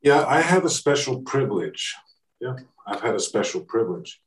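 A man's voice: medium pitch, very animated, moderate pace. A man from Australia, a guest speaker telling a story to a live audience. He acts out the quoted dialogue and often restarts his sentences. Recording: voice picked up from a distance.

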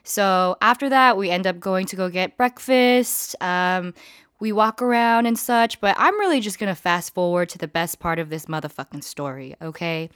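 A woman's voice: on the low side, normal speed, smooth, no echo, clean studio sound. A woman vlogger telling a casual storytime to her viewers, chatty and full of swearing. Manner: chatty, profane, animated retelling.

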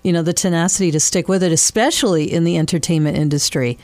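An interviewer who asks calm, probing questions and adds short comments. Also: mid-range voice, fast talker, no room sound.

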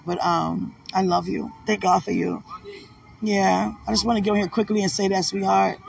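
A woman's voice: mid-range voice, flat delivery, normal speed, creaky, far from the mic. A woman recording a casual, heartfelt video message of thanks, emotional and devout, rambling with many fillers. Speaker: fiancée giving thanks.

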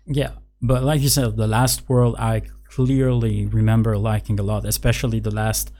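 A father chatting casually, halting often with fillers and restarts. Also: on the low side, level tone, warm tone. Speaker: parent, podcast co-host. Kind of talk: casual chat.

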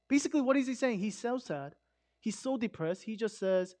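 A man giving a sermon in a conversational, emphatic way, swinging between loud stresses and hushed asides. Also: very high-pitched, expressive, normal speed. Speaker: pastor.

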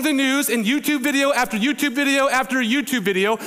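A man's voice: extremely high pitch, moderate pace, hardly any pauses, a bit bright, long reverb tail. A male pastor preaching a casual, conversational sermon, telling stories and acting out quoted voices. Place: church sanctuary.

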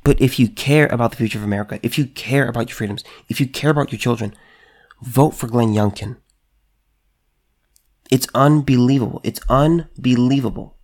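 A man delivers political commentary straight to camera, hammering his points with repeated rhetorical questions. His voice sits at an ordinary middle pitch and stumbles into quick restarts as he gets heated. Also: a little mellow. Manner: emphatic, repetitive rhetorical questions; stammering restarts when worked up. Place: California.

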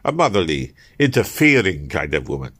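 A man's voice: low voice, big pitch swings, moderate pace, a bit bright, slightly rough. A man reading an audiobook, telling a first-person tale in a theatrical way and turning to address his listeners. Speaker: audiobook narrator.

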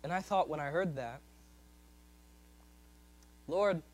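A man preaching a sermon, swinging from loud, high-pitched emphasis to soft, low asides. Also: slow pace, low-quality recording.

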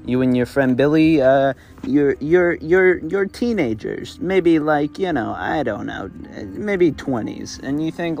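A man's voice: on the high side, animated, slow, a little mellow, soft background music. A man hosting a podcast, improvising a story in a rambling, self-correcting way and swearing casually. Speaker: podcast host.

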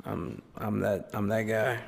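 A man joining in a casual chat, animated and self-mocking, swearing freely. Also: on the low side, unhurried, vocal fry, crowd noise. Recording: long reverb in the room.

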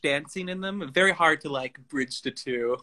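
A young man guesting on a casual chat, talking about theater in an enthusiastic, expressive way. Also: a little high, normal speed. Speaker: guest actor.

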